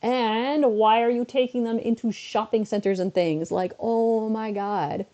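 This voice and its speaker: Chatting while she plays on a home stream, a woman rants with exasperated asides and seems a bit under the weather. She speaks a little high at a measured pace, with a steady, warm tone and lo-fi sound.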